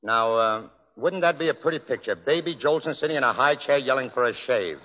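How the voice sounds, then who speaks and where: A middle-aged man hosting a 1930s radio variety show, joking and bantering in a jovial, expressive way. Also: mid-range voice, fairly quick, slight background noise. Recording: dull old radio recording with long hall reverb.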